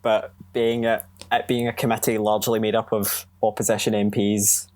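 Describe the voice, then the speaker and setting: A man's voice: fairly low pitch, flat delivery, normal speed, a little mellow, no room sound. A young man co-hosting a casual podcast, with wry, joking remarks. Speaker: podcast co-host.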